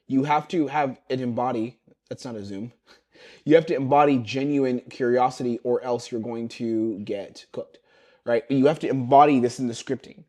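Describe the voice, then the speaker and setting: A man coaching sales by webcam, teaching scripts and acting out the closer's lines himself. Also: medium pitch. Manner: fast, energetic, acts out closer lines.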